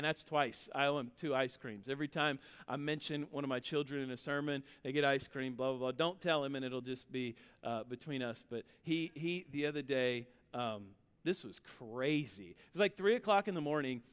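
A man's voice: medium pitch, normal speed, few pauses, fairly bright tone, clean tone. A man in his thirties preaching a conversational sermon, telling family stories and building to emphatic repetition. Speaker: pastor. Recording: long hall reverb.

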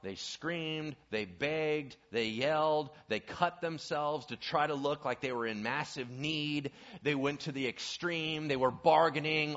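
A male pastor preaching a sermon, asking the congregation questions as he goes. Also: medium pitch. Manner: animated, asks the audience questions. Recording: dull lo-fi recording.

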